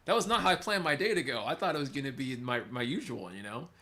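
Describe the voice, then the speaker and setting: In an animated, sharp, medium-pitched voice, a man hosting a livestream tells quick-paced, rambling stories to his chat. Answering comments regularly pulls him off track.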